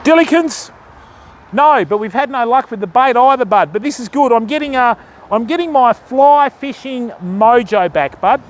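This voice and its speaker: A man's voice: extremely high pitch, expressive, normal speed, slight background noise. An Australian man hosting a live fishing stream outdoors, chatting and joking with his viewers while he casts. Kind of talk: casual live-stream chat.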